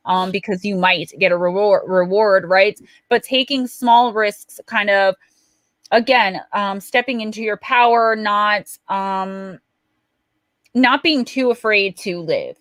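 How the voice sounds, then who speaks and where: A woman's voice: medium pitch, fairly bright tone, no room sound. A woman, likely in her forties, giving chatty, reassuring oracle card readings on a live stream.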